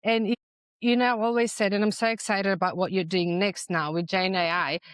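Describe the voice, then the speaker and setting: A woman's voice: mid-range voice, fairly even intonation, a little fast, smooth, no echo. Emphatic woman, persuasive podcast guest. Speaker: guest, dental practice management consultant. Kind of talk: conversational interview.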